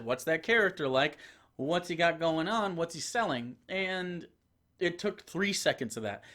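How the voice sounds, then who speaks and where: A young man hosting a casual advice talk, chatty and animated, often correcting himself mid-sentence. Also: on the high side. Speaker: video host and dungeon master.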